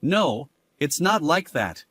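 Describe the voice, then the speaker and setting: A flustered, deceitful husband, played by a man, stammers and hedges in a dramatized story. His voice sits fairly high for a man and swings widely in pitch, with slow, halting delivery. The sound is close and dry. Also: big pitch swings, fairly bright tone, no room sound, full character voice. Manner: hesitant, stammering.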